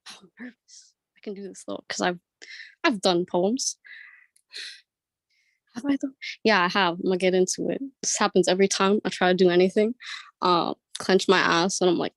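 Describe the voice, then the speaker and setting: A woman's voice: lowish voice, a little fast, dry recording. A woman performing as the featured poet on a video call, nervously laughing and joking before reading spoken word poetry. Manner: giggly, nervous and self-deprecating between poems.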